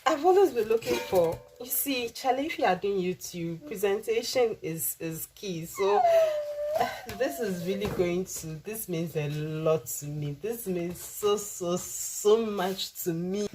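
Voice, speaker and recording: A woman vlogger doing a casual unboxing for her cooking channel, gushing and exclamatory and repeating herself in excitement. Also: mid-range voice, a little slow, hardly any pauses, slight background noise.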